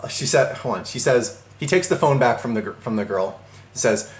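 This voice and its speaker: A man's voice: mid-range voice, normal speed. Rambling man in an echoey room. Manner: rambling, many restarts and stammers. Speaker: storyteller. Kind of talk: casual storytelling monologue.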